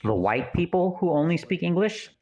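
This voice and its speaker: A man's voice: fairly high pitch, big pitch swings, normal speed, a little mellow, lo-fi sound. A man giving casual audio commentary in an earnest, rambling way, full of anecdotes.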